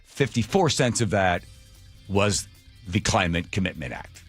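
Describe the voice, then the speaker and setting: A man's voice: low voice, lively intonation, measured pace, husky, soft background music. A man hosting a talk radio show, ranting in an opinionated and sarcastic way, sometimes putting on mocking voices for imagined people.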